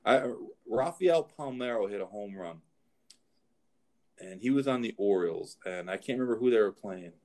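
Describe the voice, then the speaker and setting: A man's voice: on the low side, lively intonation, normal speed, darkish tone. A middle-aged man, a show host and horse trainer, telling rambling anecdotes in casual chat. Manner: rambling anecdotes, frequent restarts.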